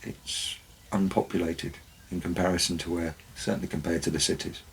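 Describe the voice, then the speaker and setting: A man's voice: sits low, fairly even intonation, normal speed, vocal fry, slight background noise, poor audio. A man, a former forest warden, tells wry anecdotes in a dry, storytelling way. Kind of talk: storytelling narration.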